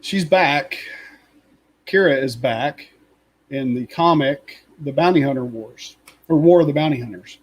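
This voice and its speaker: A man's voice: medium pitch, unhurried, low-quality recording. A man co-hosting a casual fan chat, rambling and opinionated, with lots of fillers and asides. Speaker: podcast co-host.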